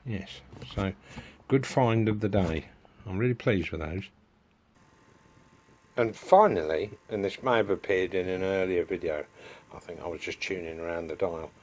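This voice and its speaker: A man's voice: low voice, normal speed, a little mellow. A middle-aged man, chatting casually in a home workshop vlog and going off on homely asides. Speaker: DIY vlogger.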